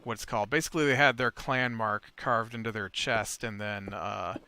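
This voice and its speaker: A man's voice: lowish voice, fairly even intonation, moderate pace, sharp tone. A man hosting a casual Minecraft let's play, rambling through a retold tabletop session with many fillers and restarts. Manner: retells a tabletop session while building. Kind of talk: casual game commentary and storytelling.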